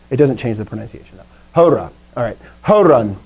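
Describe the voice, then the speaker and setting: Woman, chatty joking teacher on a video call, very lively pitch. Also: a little fast, highs cut off. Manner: lively, chatty, quizzes the class, jokes. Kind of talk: live classroom lesson.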